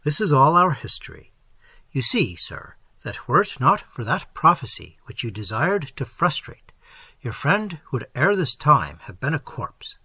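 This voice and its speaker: A man reading an audiobook, voicing a mysterious all-knowing sage who speaks slowly and solemnly. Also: on the high side, big pitch swings, sharp tone, breathy edge, no echo, exaggerated voice. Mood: grave. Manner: slow, solemn, measured.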